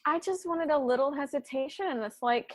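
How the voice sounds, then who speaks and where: A woman's voice: high-pitched, brisk. Playful, giggly woman guest. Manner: playful, giggly, quotes scenes in put-on voices. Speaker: podcast guest, actor. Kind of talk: casual chat.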